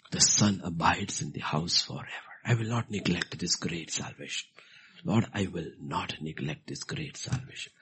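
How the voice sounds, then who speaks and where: Sitting low with a breathy edge, a middle-aged preacher's voice moves from quiet whispers to forceful, loud outbursts. Throughout the sermon he keeps repeating his key phrases.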